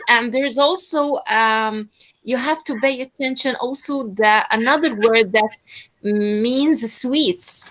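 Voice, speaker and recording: Bright-voiced woman teaching. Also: fairly high pitch, slow pace, low-quality recording. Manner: hesitant, many fillers, switches into Arabic to explain. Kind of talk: online pronunciation lesson.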